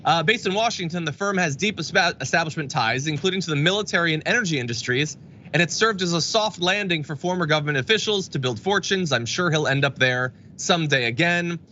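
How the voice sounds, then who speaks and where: A man's voice: fairly high pitch, lively intonation, bright, forceful tone, highs cut off, a little hiss or hum. A man hosting a live political news show, delivering the stories with dry, sarcastic commentary. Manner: sarcastic, wry and quick. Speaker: news talk show host.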